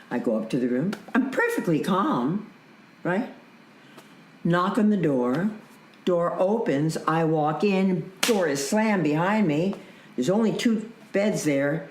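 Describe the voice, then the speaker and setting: Animated storyteller woman in her eighties. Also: low voice, unhurried, reverberant, slight background noise, poor audio. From Canada. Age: 80s. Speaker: interview guest, veteran actress. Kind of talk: telling a personal story in a casual interview.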